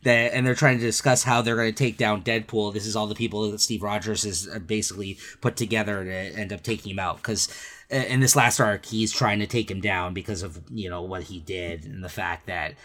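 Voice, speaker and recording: A man's voice: fairly low pitch, fairly even intonation, brisk, a bit bright. A man co-hosting a casual podcast, retelling comic scenes with lots of laughter and filler words. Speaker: podcast co-host. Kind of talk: casual comic book chat.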